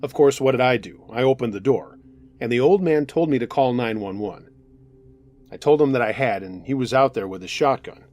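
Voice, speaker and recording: A man narrating a true scary story in a calm, steady reading voice. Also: mid-range voice, moderate pace. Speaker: narrator reading listener stories. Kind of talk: scripted horror story narration.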